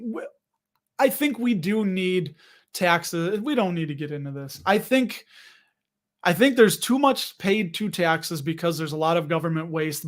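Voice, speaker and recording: A young man hosting a casual livestream, talking with viewers in a rambling, jokey way full of fillers and restarts. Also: fairly high pitch. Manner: chatty, rambling, jokey, with frequent fillers and self-interruptions. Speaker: livestream host reading viewer comments. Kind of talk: casual livestream chat about dividend investing.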